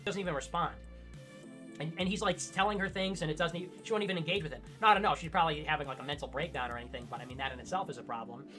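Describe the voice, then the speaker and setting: A man co-hosting a livestream, retelling a stream at length in an animated way and mimicking people in high-pitched voices. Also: racing, faint music behind. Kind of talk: livestream chat.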